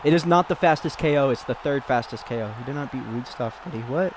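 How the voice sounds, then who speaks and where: A man casually commentating a fighting game, excitable and giggly, rambling between calls. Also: mid-range voice, quick pace, a crowd in the background, background noise.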